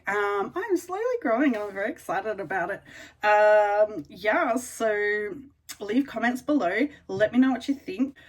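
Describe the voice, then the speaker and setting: A woman with an Australian accent chatting casually to camera as a beauty vlogger, excitable and full of ums and likes. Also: mid-range voice. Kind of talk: casual unboxing chat to camera.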